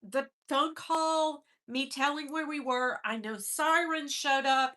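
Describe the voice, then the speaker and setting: A woman's voice: high voice, sharp tone. A woman host on a livestream, telling a personal story to her viewers in a candid, emotional, casual way, with some swearing and greetings to the chat.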